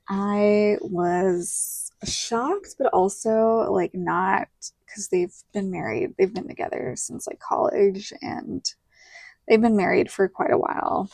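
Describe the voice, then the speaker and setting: A Southern American woman in her thirties talks through her week in a relaxed, chatty way as she sticks stickers in her planner. Her voice sits at a medium pitch and sounds close and dry, with no room echo. She keeps acting out what people said. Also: takes it slowly, vocal fry. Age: 30s. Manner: chatty storytelling with lots of likes and quoted dialogue. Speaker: planner vlogger. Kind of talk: casual chat while decorating a planner.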